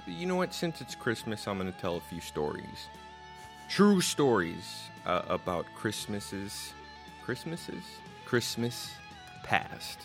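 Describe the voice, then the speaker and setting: A middle-aged man hosts a podcast, spinning rambling, profane stories and chuckling at them. His voice sits very low with a gravelly fry. Soft guitar music plays faintly behind him. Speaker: podcast host. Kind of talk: casual storytelling chat.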